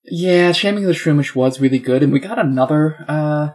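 A man's voice: on the high side, fairly quick, darkish tone. A man co-hosting a casual podcast, wry and rambling, correcting himself as he goes. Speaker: podcast co-host. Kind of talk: casual chat.

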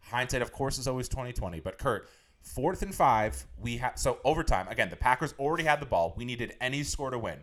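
A man in casual sports talk whose pitch swings lively up and down. He swears freely, laughs often, and argues his points with energy. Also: a little fast. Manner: animated, profane, laughing. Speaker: podcast co-host.

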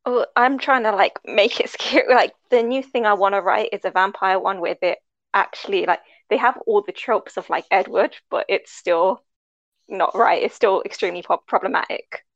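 A woman's voice: mid-range voice, moderate pace, no room sound, highs cut off. A woman, a guest writer on a podcast, chatting casually and laughing often. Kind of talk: casual chat.

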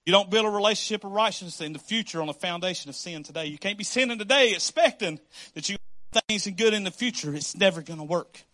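A man preaching a sermon as pastor, emphatic and animated, acting out the voices he quotes and swinging from loud to hushed. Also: high voice, quick pace, dry recording.

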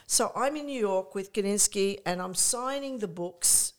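An older woman, a guest in a casual interview, telling lively anecdotes with many restarts and fillers. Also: medium pitch, moderate pace. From Australia.

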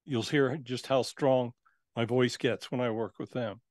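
A man's voice: medium pitch, fairly even intonation, measured pace, a little mellow, no echo, clean studio sound. A man who works as a spirit channeler, a guest on an interview show, telling his experiences in a casual, earnest, matter-of-fact way.

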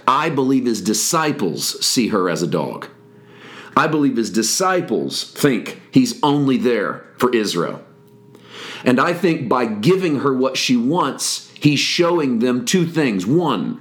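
A man's voice: mid-range voice, fairly bright tone. Man teaching scripture on a podcast. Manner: reflective, explanatory, reads scripture aloud. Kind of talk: devotional bible teaching.

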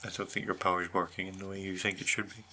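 A man's voice: low voice, flat delivery, fast talker, background noise. A man co-hosting a casual podcast chat, bantering in a dry, teasing way. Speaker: podcast co-host.

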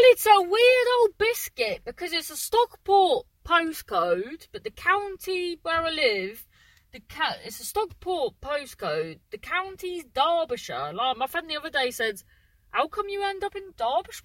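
On a casual solo podcast, a female host rambles and chats, repeatedly cutting herself off mid-sentence and speaking in exclamations. Her voice sits high, and the rough recording has no room sound.

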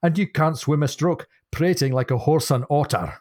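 Guy doing a cranky scottish ship's master, higher pitched and loud, complaining. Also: normal speed, close to an everyday voice. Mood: indignant. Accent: put-on Scottish. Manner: exclaiming, complaining. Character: indignant Scottish ship's master, middle-aged man.

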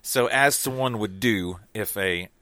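A podcast co-host reviews a film in casual chat, rambling and hesitant, with lots of fillers and restarts. His lowish voice is pushed and bright, his pace measured, and there is no echo.

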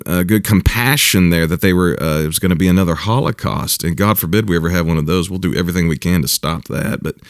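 Man, pastor, casual commentary, very low voice, repeats and restarts, dry recording. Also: no echo. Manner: halting and repetitive, with chuckles and mocking mimicry.

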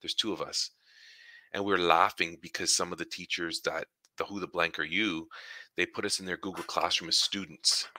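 A man with a low, deep voice and a very bright, forceful edge chats casually as a co-host. He tells his stories with animation and acts out the people in them. The sound is dry and close. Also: steady tone, moderate pace, dry recording. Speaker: co-host, educator. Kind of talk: casual chat.

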